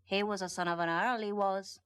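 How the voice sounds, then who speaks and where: A woman's voice: mid-range voice, steady tone, fairly quick, a bit bright, clear, resonant tone, lightly acted. An actress playing a gossipy Victorian servant woman with an Irish accent and folksy turns of phrase, in a 1990s video game. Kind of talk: 1990s full-motion video game acting.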